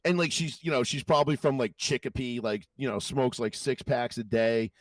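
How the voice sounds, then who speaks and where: A man's voice: mid-range voice, normal speed, no echo. Male podcast host, casual profane storyteller, dry and slightly distant sound. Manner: animated, profane, acts out quotes in raised voices.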